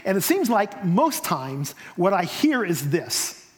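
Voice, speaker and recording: A man with a fairly high voice preaches a sermon that carries a long reverb through what sounds like a church hall. He swings from loud emphasis down to near whispers. The delivery is dynamic and earnest. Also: sing-song, slow.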